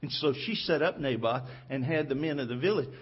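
Standing in the pulpit of a church sanctuary, a male pastor retells a story in a sermon, performing each character's dialogue in a different voice. He speaks at a medium pitch, slightly quickly and with some roughness, on a muffled recording.

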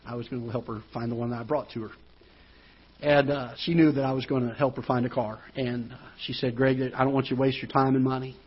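Husky-voiced preacher in a church. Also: male voice, mid-range voice, flat delivery, quick pace. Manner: swings from hushed storytelling to loud rising preaching. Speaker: pastor. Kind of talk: sermon. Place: church auditorium. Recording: dull lo-fi church broadcast.

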